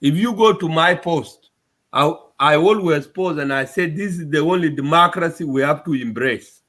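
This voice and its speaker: A man's voice: fairly high pitch, normal speed, a bit bright. A man from Sudan, giving an upset, emphatic address to his community and repeating his points. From South Sudan. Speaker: community speaker.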